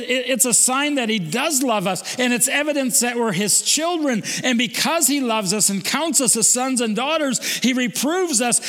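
A man's voice: fairly bright tone, long reverb tail. A pastor preaching a sermon in an earnest way, often repeating his first words and lifting his voice to stress a point. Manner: earnest, repeats words when starting phrases, rises in pitch when stressing a point. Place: church service.

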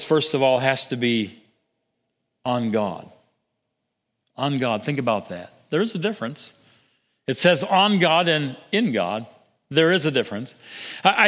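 Earnest older male preacher in a reverberant hall. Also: high voice. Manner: earnest, with repeated restarts and soft drops to near-whisper for emphasis. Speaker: pastor. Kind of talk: sermon.

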